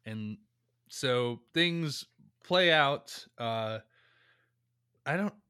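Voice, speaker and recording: A man casually chatting on a podcast, calmly summarizing a movie's plot. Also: medium pitch, extremely slow, clean tone, no echo, studio quality. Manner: laid-back, summarizes plots. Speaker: podcast co-host. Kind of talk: casual movie review chat.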